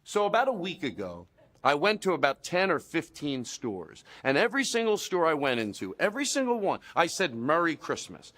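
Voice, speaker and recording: A man's voice: on the high side, huge pitch swings, fairly quick, fairly bright tone, in a large hall. A man comedian delivering a rambling, mock-angry rant to the camera. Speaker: comedian guest.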